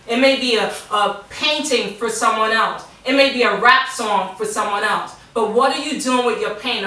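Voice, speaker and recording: New lady teacher going off about her kids, bright sharp voice, super echoey, kinda far from the mic. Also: fairly high pitch. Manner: passionate, preacherly, repeats phrases. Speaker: teacher and mentor, guest. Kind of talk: emotional testimony on a radio show.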